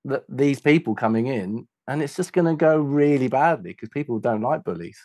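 A man's voice: medium pitch, normal speed, no room sound. A man who works as a sound engineer, telling a story in casual conversation, laughing as he talks and swearing freely. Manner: animated anecdote telling, laughs while talking, swears freely. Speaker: guest, sound engineer and tour manager.

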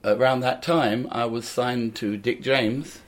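A man's voice: medium pitch, fairly even intonation, slow pace. An older man from England, a comedian and musician, telling rambling anecdotes in a casual interview.

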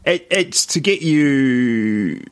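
A man co-hosting a podcast, telling stories in a lively way and acting out the people he quotes. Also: mid-range voice, extremely slow. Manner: animated storyteller who acts out the people he quotes; laughs often while telling stories. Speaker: podcast co-host. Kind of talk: casual chat.

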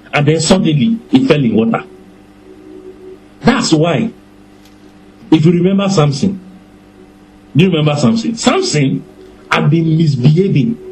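A man preaching a sermon in a deliberate, animated way that often breaks into laughter. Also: a little high, slight background noise, rough recording.

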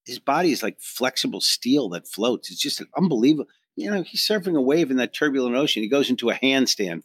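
Middle-aged male storyteller, animated and self-deprecating, dry booth sound. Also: mid-range voice, no room sound. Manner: animated, swearing, self-mocking, acts out quotes. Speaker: podcast guest telling a story. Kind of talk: casual storytelling chat.

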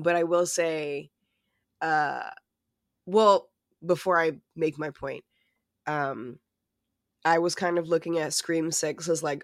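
A podcast co-host in casual chat who talks in an animated, profane, joking way. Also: medium pitch, dry recording, clean studio sound. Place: lives in New York City.

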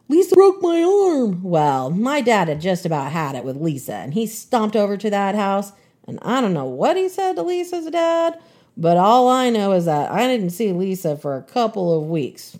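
A woman in her fifties hosting a podcast, telling a personal story in an expressive way. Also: fairly low pitch.

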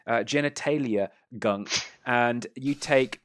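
A man's voice: medium pitch, slow. Gleeful man running a gory tabletop game. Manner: gleeful, gory narration with frequent fillers and laughs. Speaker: game master.

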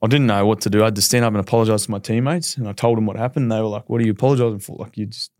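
A quick-talking Australian man in his thirties, a podcast guest, tells his story in a candid, rambling way and acts out the quotes. His voice sits a little low. The sound is dry and close. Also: steady tone, darkish tone, dry recording. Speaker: podcast guest, professional footballer. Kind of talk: casual podcast interview.

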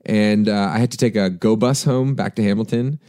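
A Canadian man, a podcast co-host, telling a rambling story in casual chat and getting animated when he quotes people. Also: fairly low pitch, fairly quick, dry recording, clean studio sound. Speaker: podcast co-host and band singer.

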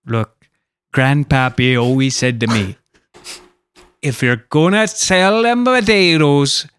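A man voicing a rambling, deadpan salesman of potato peelers with a put-on Irish accent. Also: mid-range voice, slow pace, smooth, dry recording, clean studio sound. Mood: earnest. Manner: rambling, earnest storytelling with quoted voices. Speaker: improv performer. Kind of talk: improvised comedy bit.

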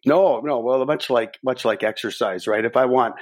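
A middle-aged man, a podcast guest, telling a personal story in a lively way and acting out his own thoughts. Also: medium pitch, moderate pace.

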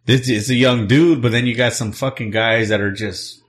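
A man's voice: mid-range voice, fairly even intonation, normal speed. A man in casual chat, telling work and beer stories in a laid-back, filler-heavy way.

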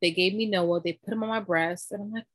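A woman chatting casually, recounting a story with animated delivery and acting out what people said. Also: medium pitch, a little fast, no room sound. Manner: animated storytelling, acts out quoted voices. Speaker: storyteller recounting giving birth. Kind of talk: casual chat.

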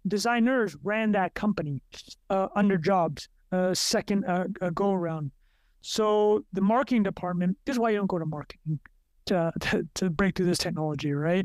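High-voiced rambling podcast host man. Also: no room sound. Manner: rambling, self-interrupting, frequent uh fillers. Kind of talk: casual solo podcast talk.

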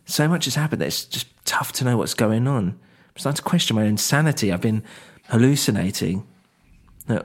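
A man's voice: lowish voice, husky. A man narrating a serialized first-person story in a tense, introspective way.

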